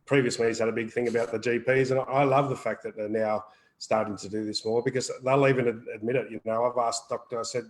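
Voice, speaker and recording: A man's voice: medium pitch, level tone, quick pace, low-quality recording. A man co-hosting a live wellbeing Q&A, talking earnestly in a rambling way, repeating words and swearing casually. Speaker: wellbeing co-host. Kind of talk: live Q&A chat.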